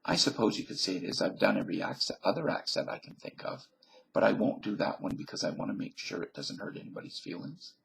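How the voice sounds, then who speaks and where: A man's voice: on the low side, animated, fast talker, slight background noise. A man from Virginia in a rambling comic monologue to camera. He keeps making claims, then says he was just kidding. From Virginia, USA. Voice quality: very gravelly, husky voice that often drops to a breathy near-whisper. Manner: jokey, contradicts himself and then says he is kidding. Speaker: vlogger.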